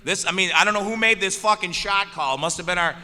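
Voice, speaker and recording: A man's voice: sits high, fast, sharp tone, big-room sound. A man telling rowdy, profane stories on a convention panel, laughing often and talking animatedly. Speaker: panelist, musician.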